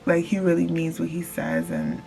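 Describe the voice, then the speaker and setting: A young woman vlogger telling an excited casual storytime straight to her viewers, calling them y'all. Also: low voice, normal speed, creaky, soft background music.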